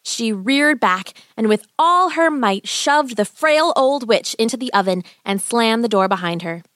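Animated woman reading a bedtime story. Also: fairly high pitch, measured pace. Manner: expressive, gentle and animated. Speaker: narrator.

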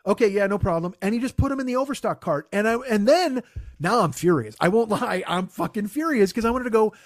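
A man's voice: high-pitched, lively intonation, fast talker, dry recording, clean studio sound. A man telling a profane, exasperated comic story as a podcast co-host, mocking himself as he goes. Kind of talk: comedic storytelling rant.

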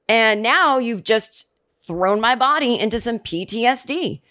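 A woman's voice: fairly high pitch, lively intonation, measured pace, sharp tone. A middle-aged woman hosting a comedy podcast, delivering a sarcastic, profane comedic rant. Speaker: podcast host. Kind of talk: comedic monologue.

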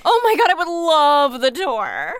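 JoJo, a giddy, nervous young bird. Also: female voice, high voice, huge pitch swings, measured pace, dry recording, studio quality, exaggerated voice. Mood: chatty. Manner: gushing, giggly, self-conscious rambling. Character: nervous young female bird meeting her boyfriend's family.

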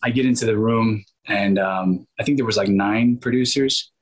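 Man, low husky voice, acts out quoted people, rambling guest stories. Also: moderate pace, rough recording. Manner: acts out quoted voices, many restarts and asides. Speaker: actor guest. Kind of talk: animated storytelling in an interview.

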